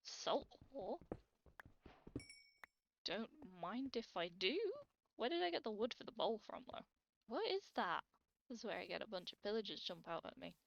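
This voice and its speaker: A woman's voice: mid-range voice, sing-song, moderate pace, creaky, pauses often, highs cut off. A British woman giving chatty, self-deprecating gameplay commentary as she plays, talking to herself. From Britain. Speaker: Let's Play creator.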